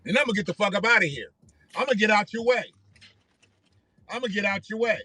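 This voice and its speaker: A man's voice: high-pitched, lively intonation, fast talker, bright, forceful tone, no room sound. A man hosting a live stream, giving rambling, profane commentary and often repeating himself. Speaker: livestream host.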